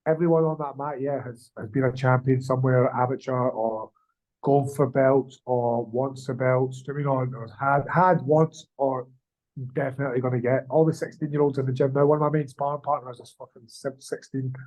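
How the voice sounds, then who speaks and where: Fast-talking man, swearing. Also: mid-range voice, fairly even intonation, a little mellow, low-quality recording. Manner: fast, swearing, slangy, rambling. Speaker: amateur MMA fighter, guest. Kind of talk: casual interview chat.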